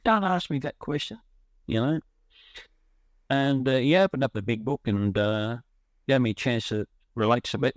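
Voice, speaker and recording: A man's voice: mid-range voice, dry recording. Rambling middle-aged man, dry sound. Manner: rambling, emotional, frequent restarts. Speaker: guest sharing his recovery story. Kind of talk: personal storytelling.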